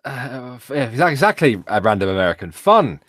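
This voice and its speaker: A man's voice: medium pitch, sing-song, fairly quick, a bit bright, no room sound, clean studio sound. A British man co-hosting a casual live-stream chat, sardonic and full of hesitant fillers. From Britain. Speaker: co-host.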